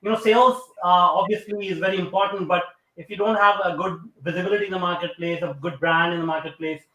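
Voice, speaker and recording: Hesitant high-voiced male host. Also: fairly even intonation, fast, pushed and bright. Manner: hesitant, many fillers. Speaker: interview host. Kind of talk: interview. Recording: roomy echo.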